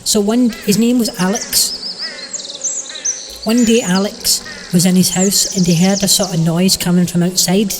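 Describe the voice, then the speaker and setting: A man telling a rambling comic story in a deadpan, meandering way. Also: high-pitched, long reverb tail, background noise.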